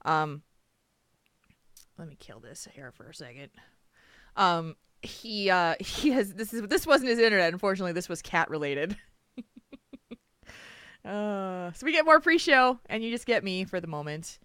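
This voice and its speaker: A woman's voice: medium pitch, big pitch swings, normal speed, pauses often, a bit bright, clean tone, no room sound, studio quality. A woman hosting a podcast from home over a video call, chatty and laughing often. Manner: giggly, chatty. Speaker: podcast host. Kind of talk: casual podcast chat.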